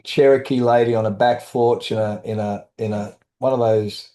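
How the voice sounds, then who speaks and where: Man, middle-aged, mellow tone, candid, halting, restarts often. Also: mid-range voice, steady tone. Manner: halting, with restarts and brief quoted voices. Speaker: guest, author and trauma survivor. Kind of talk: candid storytelling in conversation.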